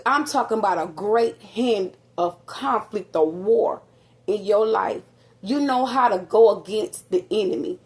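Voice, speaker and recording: A woman talks straight to her viewers, recounting events at home in a loose, rambling way. She is animated and fills her pauses with little fillers. Her voice carries a slight echo from a nearly empty apartment. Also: mid-range voice. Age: adult with a grown son. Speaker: vlogger. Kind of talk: casual storytelling to viewers.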